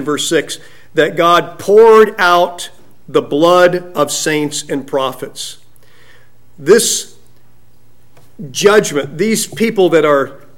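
A man preaches a sermon to his congregation from a church sanctuary. His voice sits a little high for a man, and he takes his time, drawing words out slowly. He leans into the scripture he reads with emphatic rises. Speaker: pastor.

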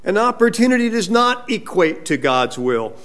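A man's voice: high voice, sing-song, moderate pace, fairly bright tone. A male pastor preaching a sermon, asking his congregation rhetorical questions.

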